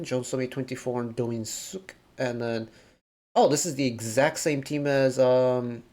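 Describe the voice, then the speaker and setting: A man's voice: medium pitch, measured pace, darkish tone. Casual reaction host, male, mid-range voice, analytical and musing. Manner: analytical, thinks aloud with frequent "like".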